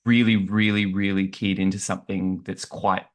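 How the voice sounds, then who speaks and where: A man's voice: low voice, little pitch movement, moderate pace. A man co-hosting a casual language podcast, rambling and hesitant with many restarts and laughs. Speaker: podcast co-host. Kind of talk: casual chat.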